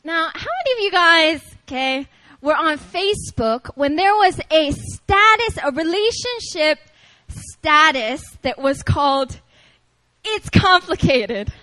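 A woman preaching at a prayer meeting, talking to the congregation in an animated, playful way and calling on them to respond. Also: sits high, takes it slowly, low-quality recording. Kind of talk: lively conversational sermon.

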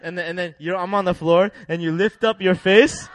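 A young man preaching a sermon in a lively, laughing way, leading the congregation in call-and-response. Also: high-pitched, moderate pace.

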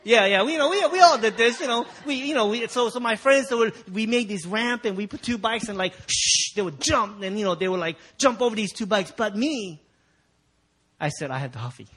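A man's voice: high voice, brisk, a bit bright, a little hiss or hum. A Korean-born male pastor preaching a sermon, telling a childhood story and acting out its scenes with big swings in voice. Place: church sanctuary.

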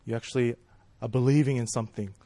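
A man's voice: mid-range voice, steady tone, quick pace, warm tone, no echo. A man preaching a sermon in a casual, conversational way, asking rhetorical questions and checking in with "right?" and "you know".

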